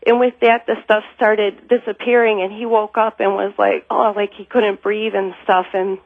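A woman's voice: medium pitch, flat delivery, normal speed, no echo. A woman caller on a phone-in show, telling a personal story in a rambling way, full of fillers and nervous laughs. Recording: tinny phone line.

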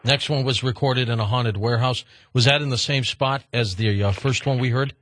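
A man of middling pitch hosts the interview and introduces each clip with short, casual prompts. His voice is dry and close to the mic. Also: steady tone, brisk, fairly bright tone, no room sound. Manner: brief, casual prompts between clips. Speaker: radio show host. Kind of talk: interview hosting.

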